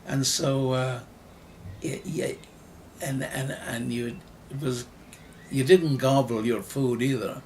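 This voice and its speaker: Gravelly, slow-talking older Irish man. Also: mid-range voice, fairly even intonation, a little mellow, slight background noise. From Ireland. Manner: slow, hesitant, restarts phrases often. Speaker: writer and actor interviewed. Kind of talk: reflective interview talk.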